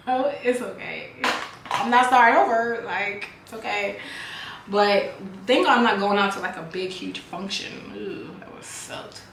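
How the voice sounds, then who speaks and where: A woman's voice: medium pitch, unhurried, slight background noise. A woman, chatting casually with her viewers while doing her makeup. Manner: chatty, animated, talks to viewers like friends. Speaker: beauty vlogger and business owner. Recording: echoey room, faint music.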